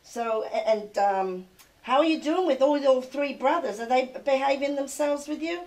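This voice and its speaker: A woman's voice: sits high, normal speed, a little mellow. An older woman from England hosting a TV show, chatting with a child guest in a gushing, doting, sing-song way. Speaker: TV show host. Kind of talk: casual chat with a child guest.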